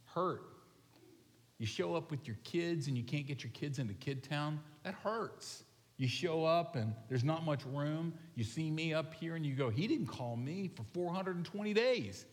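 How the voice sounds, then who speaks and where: A man preaching a sermon to his congregation in a relaxed, animated way, often asking the people questions. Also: a little high. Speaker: pastor. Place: large church sanctuary. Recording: long reverb of a large hall.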